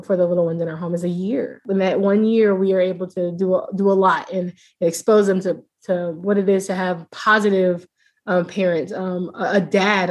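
Low in pitch with a darkish tone, this woman is a foster mother guesting on a casual podcast interview. She recounts her experiences in a sincere, heartfelt manner, often restarting what she says.

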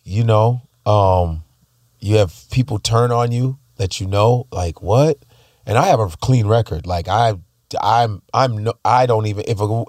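A man's voice: fairly low pitch, a little mellow, dry recording, clean studio sound. A man chatting casually, rambling and laughing easily, often restarting his sentences. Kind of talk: casual chat.

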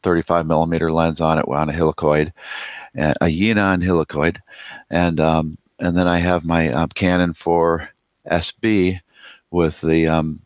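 Low voiced guy rambling on a podcast, dry close sound, kinda dull audio. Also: measured pace, no room sound. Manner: relaxed, rambling, with fillers. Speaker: podcast co-host. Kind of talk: casual chat.

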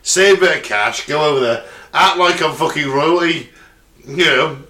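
A man's voice: fairly high pitch, moderate pace, sharp tone. An English man co-hosting a podcast, chatty and joking, laughing often and swearing casually. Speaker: podcast co-host. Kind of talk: casual banter. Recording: echoey room, distant mic.

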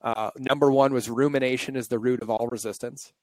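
A man's voice: mid-range voice, fairly even intonation, a little fast, darkish tone, no echo, low-quality recording. A male podcast host talking openly and reflectively in a candid conversation, his voice shaky and close to tears. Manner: open, reflective, confessional.

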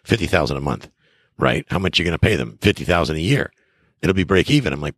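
A middle-aged man with a very deep, husky voice talks through casual advice as a podcast host. He is enthusiastic and emphatic, and his pitch swings widely as he acts out little conversations. The sound is dry and close. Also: animated, fast, a bit bright, no echo. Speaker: real estate investor and podcast host.

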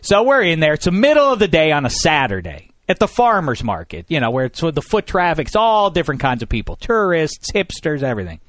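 Male radio host, 30s, sarcastic and animated, slightly high voice. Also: fast talker, hardly any pauses, no echo, studio quality. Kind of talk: casual storytelling chat.

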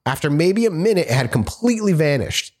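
A man's voice: fairly high pitch, fairly quick. A man co-hosting a podcast, reading listener stories aloud and laughing often in casual chat. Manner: giggly, animated reader. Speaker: podcast co-host.

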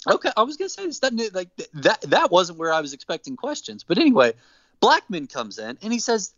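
A man on a podcast, casually retelling a story with animated, acted-out quotes. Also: high voice, a little fast, dry recording. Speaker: podcast co-host. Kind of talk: casual chat, recapping wrestling. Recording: dull dry close mic.

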